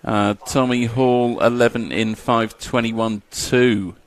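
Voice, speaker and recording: A man's voice: mid-range voice, fairly even intonation, slow. A man commentating a live model car race, chatty and jokey, reading out lap times.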